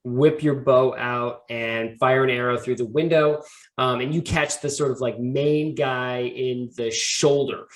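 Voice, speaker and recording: A man narrating a tabletop game as game master in a casual, halting way, with many fillers and some laughter. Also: medium pitch, steady tone, poor audio.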